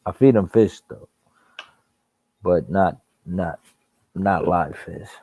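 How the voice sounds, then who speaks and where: A man speaks in on a casual live stream. His voice is gravelly and dark. He swears freely and laughs at his own stories, and the sound is dry with no room echo. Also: low-pitched, slow. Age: adult. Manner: profane, laughing storyteller.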